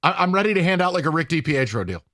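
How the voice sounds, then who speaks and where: Animated, exasperated male sports radio host. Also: a little high, very fast, no room sound, clean studio sound. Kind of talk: sports talk radio banter. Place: radio studio.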